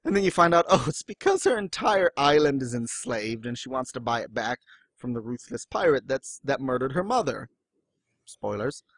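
A man chatting casually about manga as a podcast co-host, animated and breaking into exaggerated high voices when he quotes someone. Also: normal speed, no room sound.

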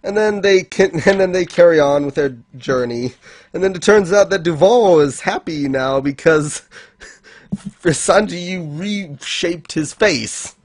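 A man's voice: a little high, unhurried, no echo. Male co-host, casual recap chat, laughs constantly, acts out character lines, dry sound. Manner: giggly, keeps laughing and acting out characters' lines. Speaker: anime podcast co-host.

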